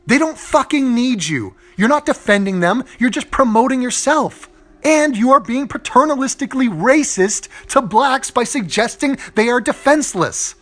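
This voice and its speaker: Sarcastic man ranting in a high, lively voice. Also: normal speed. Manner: sarcastic, exasperated, profane. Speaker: online commentator. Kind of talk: reaction commentary rant. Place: in bed at home. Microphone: phone.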